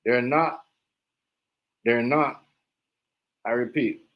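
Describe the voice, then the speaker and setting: A man hosts a reaction livestream in a heated rant. He mocks and insults, stacking repeated phrases as he works himself up. His voice sits at an ordinary middle pitch. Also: fairly even intonation, extremely slow, muffled recording. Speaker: livestream host.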